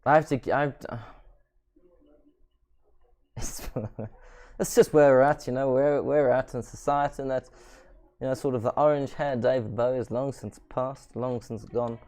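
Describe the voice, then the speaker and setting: A man's voice: medium pitch, fairly even intonation, moderate pace, pauses often, darkish tone. A man with a South African accent hosting a casual gaming stream, rambling and self-mocking. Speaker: stream host.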